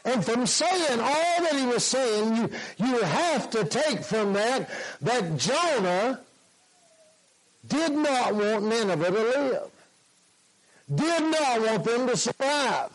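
A man preaching a sermon, slow and emphatic, repeating his points. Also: extremely high pitch, very animated, rough recording.

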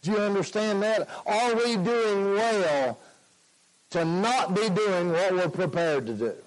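A man preaching a sermon, slow and emphatic, repeating his points. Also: high voice, animated, poor audio.

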